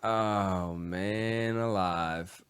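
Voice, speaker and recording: A man co-hosting a podcast, wry and deadpan in casual chat. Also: extremely slow, clean tone, dry recording. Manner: deadpan, wry, low-key. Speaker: podcast co-host. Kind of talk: casual chat over a film.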